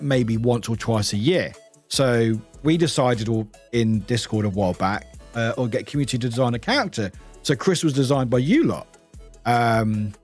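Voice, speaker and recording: A young British man casually chatting on his live stream, swearing freely, laughing often and calling out viewers by name. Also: mid-range voice. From United Kingdom.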